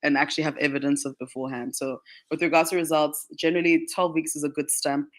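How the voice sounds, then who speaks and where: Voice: medium pitch, level tone, fast talker. A radio guest explaining skincare in a chatty way, with many "like" fillers and frequent laughs. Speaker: guest, skincare brand marketing manager. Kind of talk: radio interview answers. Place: radio studio.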